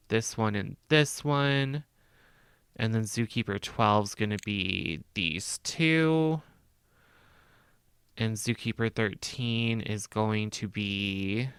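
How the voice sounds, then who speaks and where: Man, let's-play host, slow thinking-aloud commentary with hesitant ums, bright tone. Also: lowish voice, clear, resonant tone, dry recording. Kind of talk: casual gameplay commentary.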